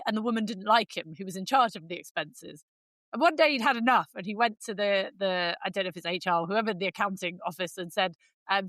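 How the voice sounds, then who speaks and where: A woman's voice: medium pitch, pushed and bright, no echo. A middle-aged woman co-hosting a podcast, teasing her co-host and telling anecdotes in casual chat. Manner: teasing, quick with a joke.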